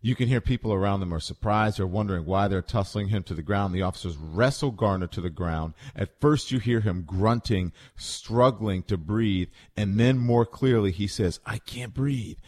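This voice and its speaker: Man, low register, radio commentator; deliberate, blunt read of a news story. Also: a little mellow.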